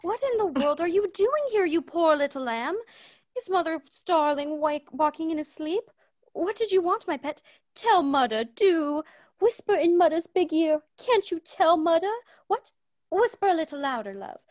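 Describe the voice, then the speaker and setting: A woman's voice: very high-pitched, lively intonation, moderate pace, no echo. A woman voicing a fussy, doting wife and mother who talks in a gushing, coaxing way, as in a radio play. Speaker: Mrs. Fountain.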